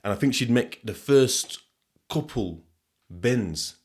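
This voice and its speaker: A man's voice: medium pitch, animated, slow. A young man with a broad Sheffield accent rambles through a loose, casual monologue on his podcast. He swears freely, laughs often, and keeps circling back on himself mid-thought. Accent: Sheffield English. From England. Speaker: podcast host.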